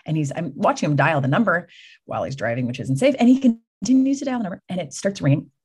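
A woman from California, a podcast guest telling a lively personal story that leads into a faith message, acting out the voices in it. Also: lowish voice, quick pace, slightly rough. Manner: animated storyteller, acts out quoted voices.

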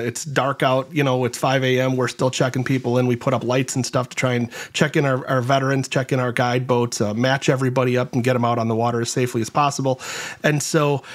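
A man hosting an interview, retelling a veteran's story at length with quoted lines and frequent fillers. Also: medium pitch. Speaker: host and nonprofit organizer.

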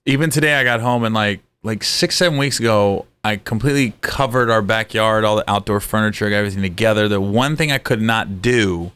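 A middle-aged man telling lively, profane stories in a casual podcast chat, jumping his pitch up for quoted voices. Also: a little fast, few pauses, clear, resonant tone. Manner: animated storyteller, swearing, jumps high for quoted voices. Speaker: podcast co-host.

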